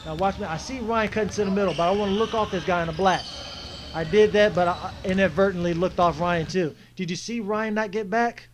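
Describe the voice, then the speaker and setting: A man's voice: sits high, a little fast, noisy background. Frustrated man breaking down game footage. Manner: frustrated, animated coaching critique. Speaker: player breaking down his own game footage. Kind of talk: casual video commentary.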